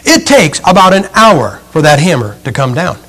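A middle-aged man delivers a sermon with a notably high voice. He tells stories with folksy humor and lively, animated delivery. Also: normal speed. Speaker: preacher.

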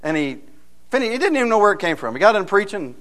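Folksy preacher man, higher-pitched voice. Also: big pitch swings, quick pace, fairly bright tone. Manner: folksy and storytelling, with frequent rhetorical questions. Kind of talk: sermon.

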